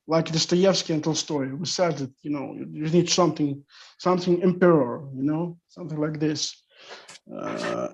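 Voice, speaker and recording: A man speaking as a guest in a panel discussion, talking in halting non-native English with many fillers. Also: fairly high pitch, darkish tone. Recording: muffled lo-fi audio.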